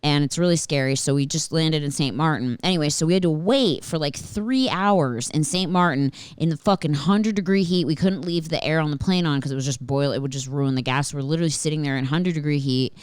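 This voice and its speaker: A woman hosting a podcast, telling a story in a casual, animated way and swearing often. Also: low-pitched, fairly quick, few pauses, smooth, dry recording. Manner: animated and profane, with frequent swearing and filler words. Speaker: podcast host.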